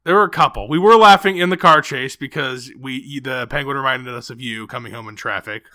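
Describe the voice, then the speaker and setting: A man co-hosting a casual podcast chat, rambling and correcting himself as he talks, animated when telling stories. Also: mid-range voice, fairly quick, dry recording, studio quality. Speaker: podcast co-host.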